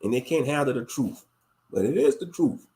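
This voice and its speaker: A man's voice: medium pitch, lively intonation, normal speed, mellow. A man in his late thirties hosting a casual commentary monologue, thinking aloud and turning preachy. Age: late 30s. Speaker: host.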